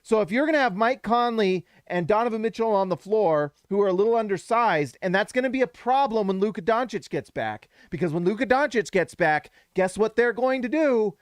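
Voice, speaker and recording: A man's voice: sits high, fairly quick, hardly any pauses, clean tone, no echo. Fired-up man hosting a post-game stream. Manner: animated, emphatic, rises to shouts when hyped. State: voice going hoarse. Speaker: basketball show host.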